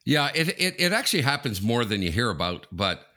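A man's voice: mid-range voice, very animated, a little fast, bright, forceful tone. A man co-hosting a casual sports podcast, blunt and joking, often repeating his words. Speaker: podcast co-host.

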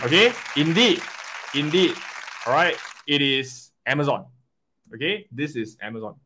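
A man coaches a live investing webinar, animated and constantly checking in with "right?" and "okay?". His voice is fairly high, and he takes an unhurried pace. The background is noisy, with crowd noise audible.

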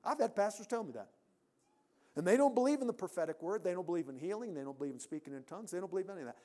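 A man preaching a sermon in a church, emphatic, rising to loud peaks and dropping to quiet endings. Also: high-pitched, animated, racing.

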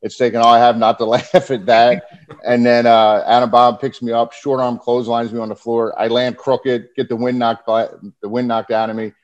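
A former pro wrestler appears as a podcast guest, telling stories in a casual, animated way and often laughing mid-sentence. His voice is medium-pitched with a flat delivery and moderate pace, and the podcast audio sounds muffled and lo-fi.

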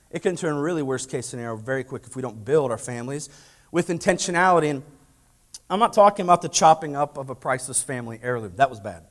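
A man preaching a sermon, telling a lively story and acting out family dialogue, then asking the congregation direct questions. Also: on the high side. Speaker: pastor.

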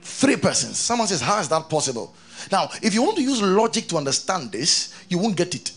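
A man preaching a sermon, reading scripture aloud and keeping on questioning his congregation in an animated way. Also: high voice, a little fast, breathy edge. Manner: reads scripture aloud between explanations.

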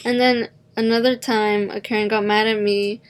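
A woman's voice: medium pitch, little pitch movement, moderate pace, a little hiss or hum. A young adult woman telling a story in a casual chat, leaning on "like" as a filler. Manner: chatty, heavy use of "like" as filler.

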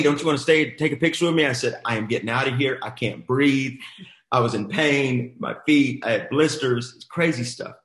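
A man's voice: medium pitch, a bit bright. Emphatic motivational man in an echoey room. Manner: emphatic, exhorting, repeats phrases. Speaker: host of a coaching boot camp. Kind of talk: motivational storytelling.

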